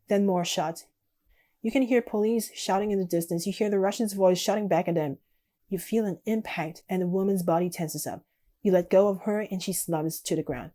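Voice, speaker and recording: A woman streaming a text game, reading the story aloud evenly with quiet, casual asides. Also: fairly low pitch.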